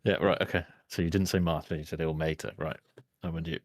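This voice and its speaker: A man's voice: low-pitched, flat delivery, fast talker, no echo, studio quality. A man playing a tabletop game, blunt and joking, swearing casually. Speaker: player.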